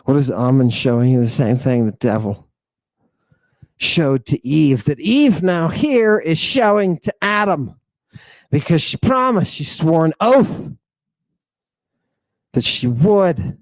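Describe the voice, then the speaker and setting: A man's voice: fairly high pitch, animated, slow pace, pauses often, dry recording. A man giving an impassioned lecture on ancient texts. He talks emphatically, repeats his phrases and keeps checking with "right?".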